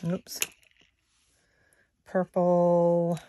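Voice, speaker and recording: Slow, mellow-voiced woman in her sixties. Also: on the low side, monotone, slight background noise. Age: 60s. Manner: soft-spoken, unhurried, talks to viewers as guys. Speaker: savings vlogger. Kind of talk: slow casual commentary while doing savings challenges. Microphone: phone or camera close on a table.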